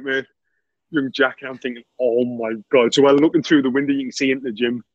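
A man's voice: a little high, no room sound, muffled recording. A man telling stories in a casual chat, laughing often and saying "mate" constantly. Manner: laughs a lot while telling anecdotes, says "mate" constantly.

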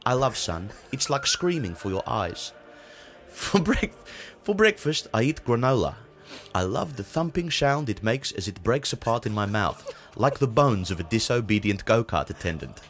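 Man doing a pompous deadpan Dutch father. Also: medium pitch, normal speed. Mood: deadpan boastful. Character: brutish self-important Dutch father. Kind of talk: comic reading of a spoof blog.

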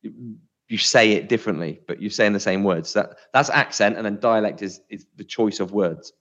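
A man's voice: lowish voice, normal speed, a bit bright, muffled recording. A man from the West of England near Bristol with a West Country accent, co-hosting a podcast in a casual, rambling, self-mocking way. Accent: West Country English. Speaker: podcast co-host.

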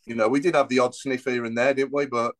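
A man's voice: mid-range voice, little pitch movement, fast. A man, chatting about football as a podcast co-host, rambling with lots of fillers. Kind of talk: casual football chat.

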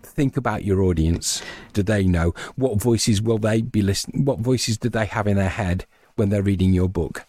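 Man, audiobook narrator, interview guest, chatty, explains at length, lowish voice, dry close sound. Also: normal speed, few pauses, mellow, no room sound. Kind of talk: casual interview chat.

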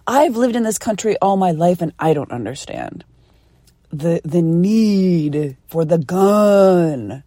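Woman from philadelphia, podcast host, lowish voice, dry close sound, chatty, laughing, cursing casually. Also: lively intonation, moderate pace, warm tone, no echo. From Philadelphia, USA. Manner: chatty, laughs often, swears freely. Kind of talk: casual solo storytelling podcast.

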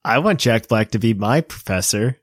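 A man's voice: on the low side, lively intonation, moderate pace, no echo, studio quality. A man in his late twenties co-hosting a casual chat, rambling with lots of fillers and poking fun at himself. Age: 20s. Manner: rambling, filler-heavy, self-mocking.

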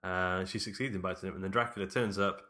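A man's voice: low voice, fairly even intonation, quick pace, sharp tone. A man chatting casually about a film, laughing often and restarting his sentences.

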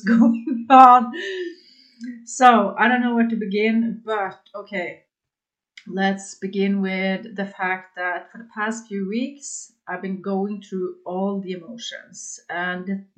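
A woman hosting her own astrology podcast, talking in a raw, confessional way with many fillers and bursts of laughter, English not her first language. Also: mid-range voice. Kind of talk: candid solo podcast monologue.

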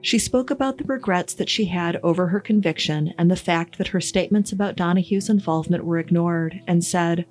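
A woman giving scripted true-crime podcast narration in a measured, even storytelling manner. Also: on the low side, faint music behind.

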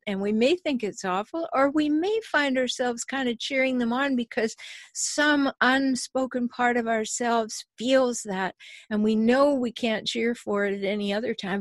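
A woman's voice: fairly high pitch, dry recording, studio quality. A woman hosting a talk show, musing aloud and posing rhetorical questions to her guest. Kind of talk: conversational interview talk.

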